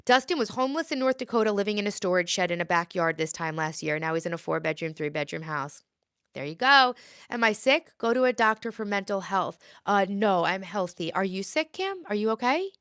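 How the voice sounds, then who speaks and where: A woman's voice: medium pitch, animated, brisk, a bit bright, clear, resonant tone, dry recording, studio quality. A woman in her late thirties, chatting casually on a live stream, rambling and answering viewer comments aloud. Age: 30s. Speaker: livestream host.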